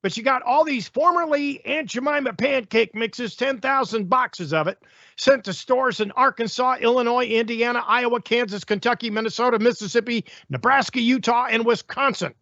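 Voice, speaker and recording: A man's voice: extremely high pitch, normal speed, sharp tone, no room sound, lo-fi sound. A male talk show host giving opinionated, sarcastic news commentary in a ranting manner.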